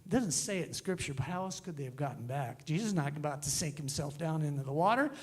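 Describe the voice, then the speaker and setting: A middle-aged male minister giving a conversational, animated sermon in a church. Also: on the high side, fast, husky. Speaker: guest minister. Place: church sanctuary.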